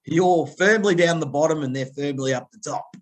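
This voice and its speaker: An Australian man in middle age with a fairly high-set voice, speaking as a guest on a podcast. He tells stories with animation, slips into quoted voices and lays out advice in a plain conversational way. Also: moderate pace. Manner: animated storytelling, acting out phone quotes. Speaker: guest, people-pleasing coach.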